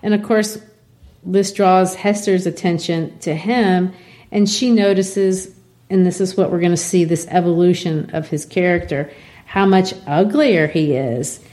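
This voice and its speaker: Woman teacher, class literature lesson, lively casual retelling. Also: on the low side, a little slow.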